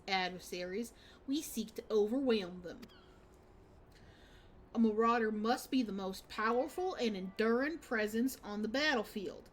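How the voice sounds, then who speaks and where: A woman voicing a blunt, imposing male axemaster who speaks in a formal, declaiming way. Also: fairly high pitch.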